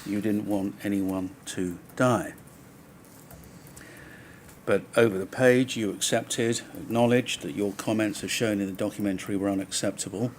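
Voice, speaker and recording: Counsel pressing a witness, low voice. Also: male voice, fairly even intonation, slight background noise. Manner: measured, probing, pressing follow-up questions. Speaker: inquiry counsel questioning a witness. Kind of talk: formal cross-examination. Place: public inquiry hearing room.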